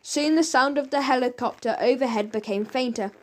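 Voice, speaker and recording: A woman reading a children's audiobook aloud, lively and expressive. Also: high voice, brisk. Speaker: audiobook narrator.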